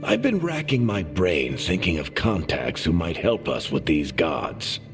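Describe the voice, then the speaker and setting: A man's voice: low-pitched, sing-song, a little slow, soft background music. An actor playing a wry male dwarf companion in a video game, with dry, teasing and fond delivery. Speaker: companion character.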